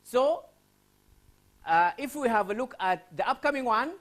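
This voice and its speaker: A man's voice: very high voice, lively intonation, unhurried, a bit bright. A man from Sudan lecturing a class on English writing, asking students questions and repeating key phrases.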